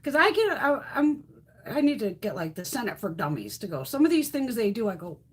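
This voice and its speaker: Husky woman ranting bluntly. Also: fairly high pitch, sing-song, a little fast. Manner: blunt, profane, heated ranting. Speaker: beauty livestream host. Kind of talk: casual live-stream chat.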